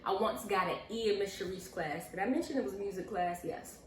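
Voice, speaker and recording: A young woman vlogger answering viewer questions, telling stories in a lively, chatty way and acting out the voices of the people in them. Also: medium pitch, a little fast. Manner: animated, chatty, acts out quoted voices. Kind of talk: casual storytelling Q&A. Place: indoors at home, seated with a pillow. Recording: echoey room, mic at a distance, faint hiss.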